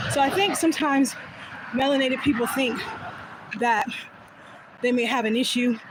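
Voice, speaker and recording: A woman's voice: a little high, background noise. A woman telling a personal story in a vlog, candid and laughing often, recorded on a phone in a car. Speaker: vlogger.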